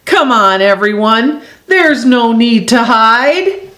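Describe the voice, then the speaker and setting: Woman reading confident clever raccoon, calm, lively pitch, storybook, echoey room. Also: takes it slowly. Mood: cheerful. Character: brave, clever young raccoon leader.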